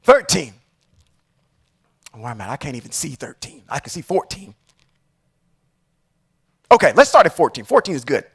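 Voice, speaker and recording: High-voiced man teaching scripture live. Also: wildly swooping pitch, husky. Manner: reads verses slowly and emphatically, then comments with rhetorical questions; often checks in with "okay?". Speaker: livestream Torah teacher.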